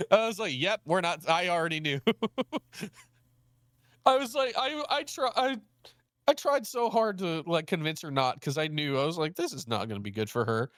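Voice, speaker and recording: A man's voice: fairly quick, dry recording, clean studio sound. A young man hosting a casual chat, telling a story and acting out both sides of the dialogue. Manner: animated, acts out quoted dialogue with pitch jumps. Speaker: host.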